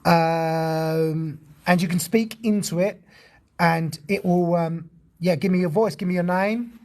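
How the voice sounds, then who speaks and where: A man's voice: high-pitched, steady tone, takes it slowly, darkish tone. A man chatting casually on a ghost-hunting livestream, talkative and jumpy, swearing when startled outdoors.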